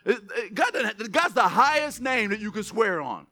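A man preaching a sermon as pastor, reading verses slowly with emphasis, then dropping into quick asides to the church. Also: sits high. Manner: animated, stretches scripture words for emphasis, drops to asides.

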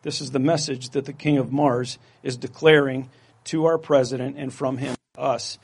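A man's voice: mid-range voice, steady tone, moderate pace, breathy edge. A man pastor giving a sermon in a casual, jokey, conversational manner.

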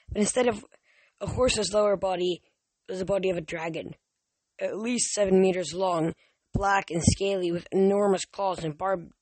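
Amateur reader with frequent slips. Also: male voice, high-pitched, dry recording. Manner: reads with frequent stumbles and restarts. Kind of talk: amateur audiobook reading.

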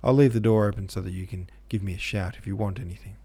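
A man's voice: lowish voice, fast, dark tone, slightly rough. A man voicing a cheerful, hearty young medical student who talks in a breezy, friendly way.

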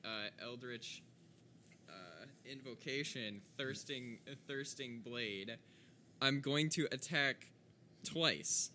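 Casting: unhurried male player, bright tone, hesitant, faint background hum. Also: mid-range voice. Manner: hesitant, halting. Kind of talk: casual tabletop gaming chat.

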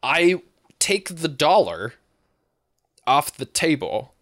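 A man's voice: a little high, sing-song, takes it slowly, a bit bright, no room sound, studio quality. A young man tells a rambling, profane anecdote in casual podcast talk, full of fillers and "right?" tags, and he keeps breaking into laughter. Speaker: storyteller.

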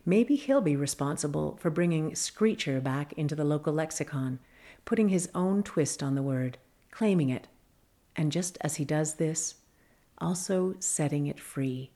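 A woman reading a scripted magazine feature as narrator, measured and even. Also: low-pitched.

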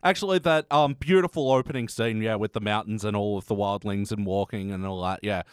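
A man's voice: on the low side, a little fast, clear, resonant tone, no room sound, clean studio sound. A man co-hosting a podcast in casual chat, laughing often and tossing out puns and wild theories. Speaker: podcast co-host.

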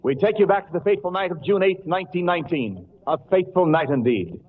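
A man's voice: high voice, animated, fast talker, husky. A man hosting an old radio comedy show, narrating a spoof with wisecracking punchline timing. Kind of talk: comic narration for a radio audience. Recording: tinny old radio broadcast with hiss.

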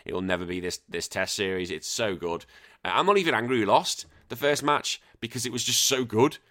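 Brief: male podcast host, thirties, low-ish voice, sweary jokey rants. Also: fairly quick, fairly bright tone. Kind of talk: casual chat.

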